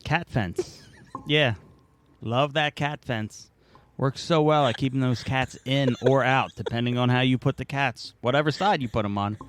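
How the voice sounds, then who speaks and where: A man's voice: mid-range voice, measured pace, fairly bright tone. A man co-hosting a podcast in casual, joking chat, rambling and playful. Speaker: podcast co-host.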